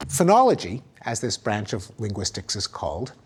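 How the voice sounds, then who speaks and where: A man's voice: lowish voice, very animated, moderate pace, darkish tone, breathy edge. A middle-aged man giving a recorded academic lecture, explaining ideas and demonstrating sounds aloud with emphatic intonation.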